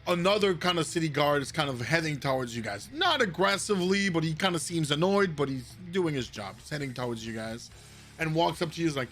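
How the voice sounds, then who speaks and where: A man narrating as dungeon master in a rambling, halting way. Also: fairly high pitch, expressive, a bit bright, faint music behind. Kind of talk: narrating a tabletop game.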